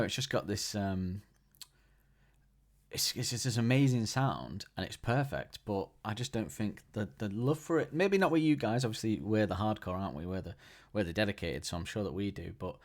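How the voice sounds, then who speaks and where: A man hosting a podcast alone, chatting casually and enthusiastically, often restarting his sentences. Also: lowish voice. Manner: enthusiastic, rambling, frequent restarts. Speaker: podcast host. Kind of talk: casual solo podcast chat.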